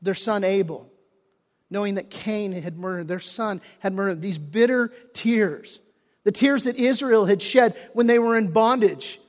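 A man preaching a sermon as pastor, impassioned and folksy, rising and dropping his voice, often restarting phrases. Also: sits high. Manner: casual folksy wording. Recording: long reverb of a church hall.

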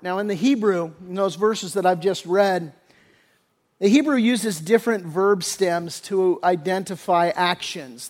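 A man preaching a sermon as pastor, conversational and earnest, often restarting phrases, dropping soft for tender points and rising when reading scripture. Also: high voice.

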